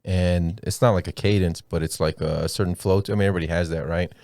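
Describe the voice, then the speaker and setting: Comedian guy rambling thru a story, swears a lot, lowish voice, dead dry sound. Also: fairly even intonation, quick pace, a little mellow, dry recording. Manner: profane, rambling storyteller, laughs at his own stories. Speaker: comedian podcast host. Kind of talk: casual chat.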